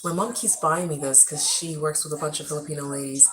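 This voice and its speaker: A woman's voice: sits low, fast talker, crowd noise, poor audio. A young woman from Africa, chatting casually and rambling on a live stream from her home. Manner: chatty, rambling, animated storytelling.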